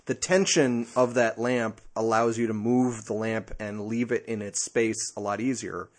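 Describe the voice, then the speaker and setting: A man's voice: lowish voice, fairly even intonation, a little slow. Teasing male podcast co-host. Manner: teasing, explains at length with hesitations. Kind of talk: casual chat.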